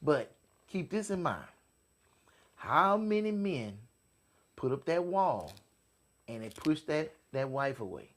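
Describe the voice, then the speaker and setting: A man's voice: fairly high pitch, sing-song, slow pace, pauses often. A man co-hosting a casual show, speaking earnestly about what he has seen. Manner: agreeing, earnest. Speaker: podcast co-host. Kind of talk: casual chat.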